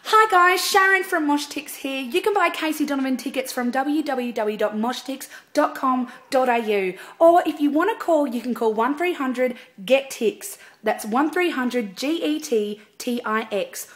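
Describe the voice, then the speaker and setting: A woman putting on the voice of a perky female ticket seller, reading out phone numbers and web addresses in an upbeat sales pitch. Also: a little slow, hardly any pauses, a bit bright. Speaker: singer.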